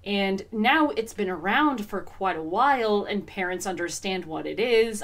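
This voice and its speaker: Woman co-host, mid pitch, reflective and hesitant. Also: lively intonation, a little slow. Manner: thoughtful, many ums. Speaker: podcast co-host. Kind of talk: casual podcast chat.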